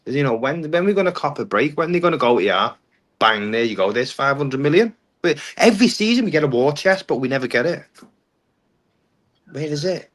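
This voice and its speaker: A man's voice: on the high side, lively intonation, a little fast, fairly bright tone. A man, a guest on a casual fan podcast, chatty and jokey.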